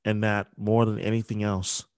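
A young man hosting a podcast, speaking a halting, grief-filled dedication with many restarts. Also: on the low side, little pitch movement, clean tone, no echo. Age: young adult. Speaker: podcast host. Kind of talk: emotional spoken dedication.

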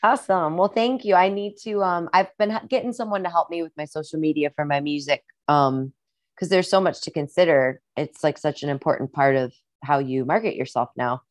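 Woman, Midwestern accent, young adult, low-pitched, chatty podcast guest, dry sound. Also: a little fast, dry recording. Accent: Midwestern American. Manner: chatty, rambling, upbeat. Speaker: musician and guest. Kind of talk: casual podcast chat.

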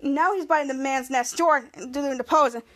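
A woman's voice: high voice, moderate pace. A woman hosting a podcast, casually recapping a TV episode in a rambling way, repeating herself and restarting her sentences. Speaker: podcast host.

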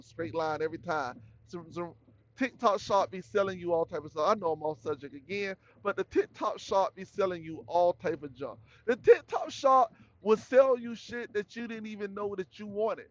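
A man hosting his own podcast in a loose, rambling rant full of slang. His voice sits high for a man. The recording is dull and lo-fi. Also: normal speed. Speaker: podcast host.

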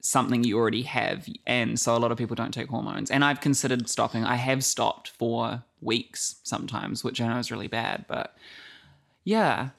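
A woman's voice: a bass voice, steady tone, normal speed, vocal fry. A young woman co-hosting a podcast, chatting casually in a bubbly, playful way and laughing often. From New Zealand. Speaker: podcast co-host. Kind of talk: casual chat.

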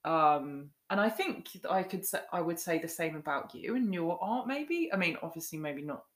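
A woman's voice: on the low side, animated, normal speed. A woman co-hosting a podcast in casual chat, giggling often and rambling with lots of fillers. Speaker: podcast co-host. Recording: roomy echo.

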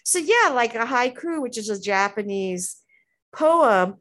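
A woman's voice: a little high, lively intonation, unhurried, fairly bright tone. A woman hosting a casual chat, rambling with many fillers and frequent laughs. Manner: rambling, full of "you know" and "like" fillers, laughing often.

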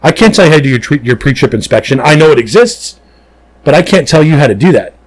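Animated police officer telling stories. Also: male voice, a little high, fast, rough recording. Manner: animated storyteller, emphatic and blunt. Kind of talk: casual podcast chat.

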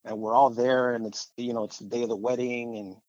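A man's voice: mid-range voice, level tone, a little fast, a little mellow, dry recording, muffled recording. Man telling his faith story, rambling. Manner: conversational, rambling with fillers and repeated phrases. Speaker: person sharing a faith testimony. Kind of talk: personal testimony storytelling.

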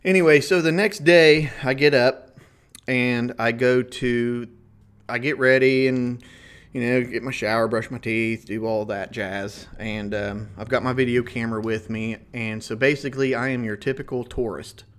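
A folksy man with a rural Ohio River valley twang, spinning a comic travel yarn for his podcast. He talks in a relaxed, chatty way and keeps chuckling at his own stories. His voice sits at an ordinary middle pitch for a man. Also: normal speed, clear, resonant tone. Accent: Ohio River valley, rural Midwestern. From Ohio, USA. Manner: folksy, chuckling, animated retelling. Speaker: podcast host. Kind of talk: casual comedic storytelling.

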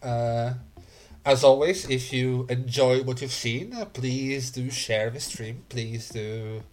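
A man narrating as the game master of a tabletop game stream, relaxed and full of fillers. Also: mid-range voice, slow pace.

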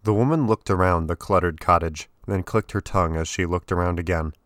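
A man reading scripted story narration in a steady, even way. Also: low-pitched, a little fast, no room sound, studio quality. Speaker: audiobook narrator.

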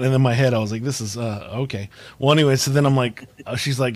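A young man hosts a relaxed podcast chat over a video call. He rambles through his stories, full of ums, uhs and restarts. His voice sits at an ordinary, middle pitch. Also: quick pace, few pauses, dry recording. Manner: rambling storyteller, many fillers and restarts. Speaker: podcast host.

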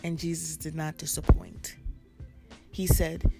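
Woman, sermon, emphatic repeated phrasing, unhurried, slightly low voice. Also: vocal fry, darkish tone, faint music behind. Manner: emphatic, repetitive preaching cadence. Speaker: preacher.

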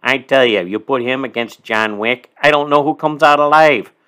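A man's voice: mid-range voice, normal speed, sharp tone, smooth, voice pushed up, close to an everyday voice. A man putting on a boastful, emphatic Chicago-accent guy in a podcast. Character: exaggerated folksy Chicago guy, adult male, boastful.

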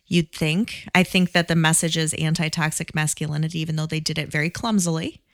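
A woman's voice: deep voice, steady tone, a little fast, a bit bright. A woman guest on a movie podcast, talking things through thoughtfully and laughing often. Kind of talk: casual movie podcast chat.

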